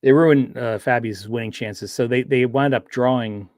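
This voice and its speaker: A man's voice: medium pitch, fairly even intonation, normal speed, darkish tone, dry recording, studio quality. A man chatting casually on a livestream, rambling with frequent restarts and fillers. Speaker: streamer.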